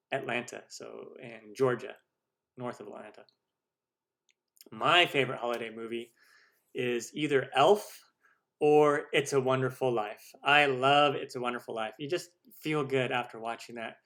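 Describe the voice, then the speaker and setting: A man in his forties hosts a live question-and-answer stream, talking loosely and jokingly about himself. He rambles with lots of ums and restarts, in an ordinary mid-pitched voice. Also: fairly bright tone. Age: 40s. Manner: chatty and rambling, self-deprecating jokes, many fillers. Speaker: cooking show host.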